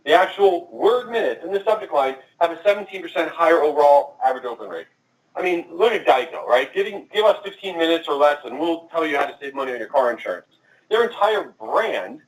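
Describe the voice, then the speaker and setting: Fast-talking male conference presenter, echoey. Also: a little high. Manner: fast-talking, energetic, addresses the audience directly. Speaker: conference speaker. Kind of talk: marketing presentation. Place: conference room. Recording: echoey and distant from the mic.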